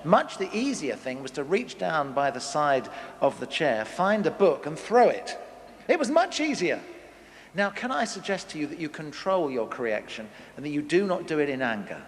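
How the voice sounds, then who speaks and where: A man's voice: moderate pace, slight background noise. A middle-aged man giving a humorous family talk to a live audience, acting out scolding parents. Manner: animated, acts out scolding parents with big pitch jumps. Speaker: conference speaker. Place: large hall. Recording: long reverb of a big hall.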